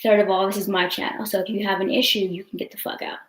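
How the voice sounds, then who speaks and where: Upset young woman venting, flat-toned. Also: mid-range voice, fast talker. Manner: rambling, frequent swearing, many fillers. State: upset and tearful. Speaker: vlogger answering live chat. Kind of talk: casual livestream venting. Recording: roomy echo.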